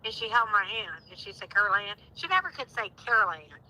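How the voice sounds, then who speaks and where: A woman's voice: on the high side, big pitch swings, brisk, pushed and bright, low-quality recording. A middle-aged woman speaking with heartfelt emotion in a casual conversation, growing indignant at times. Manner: heartfelt, rising to indignant outbursts. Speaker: guest.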